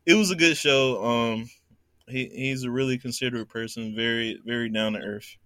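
A man's voice: medium pitch, fairly even intonation, normal speed, pushed and bright, dry recording. A young man telling a long, laughing anecdote in a casual podcast chat and acting out the voices of the people in it. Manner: laughs a lot, acts out voices in his anecdote.

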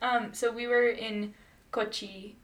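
A woman's voice: a little high, level tone, slow, distant mic. A young woman telling stories in casual chat, rambling with many fillers and bursts of laughter.

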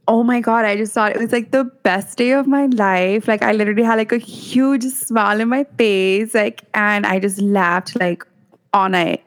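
Giggly, gushing young woman. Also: medium pitch. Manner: gushing, giggly, mixes in Spanish. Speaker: podcast co-host. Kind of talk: casual chat.

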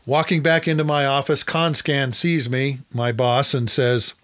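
A man's voice: medium pitch, flat delivery, measured pace, few pauses, fairly bright tone. A middle-aged man hosting a podcast, telling a first-person story from his flying career and acting out the dialogue along the way. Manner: acts out dialogue in his anecdotes. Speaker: podcast host, former fighter pilot.

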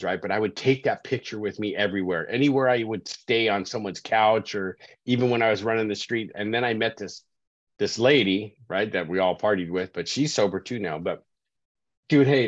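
Low-voiced man telling his story. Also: no room sound. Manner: conversational, keeps asking "right?". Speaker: sobriety coach guest. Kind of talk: casual storytelling interview. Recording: dry, dull lo-fi call audio.

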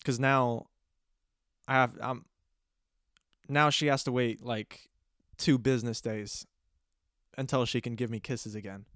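A young man hosting a podcast, telling a rambling, deadpan, playfully disgusted story in a casual comic monologue. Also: mid-range voice, a little slow, pauses often, dry recording, clean studio sound. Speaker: podcast host.

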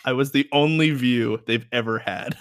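A man's voice: mid-range voice, normal speed, a bit bright, no room sound. Young man, podcast co-host, casual rambling chat, laughs often, dry recording.

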